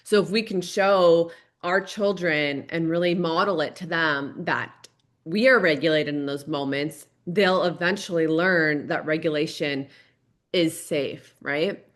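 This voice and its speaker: A woman's voice: on the low side, fairly bright tone. A woman hosting a parenting podcast solo, earnest and repetitive, often checking in with "right?". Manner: earnest, repeats key points, frequent "right?".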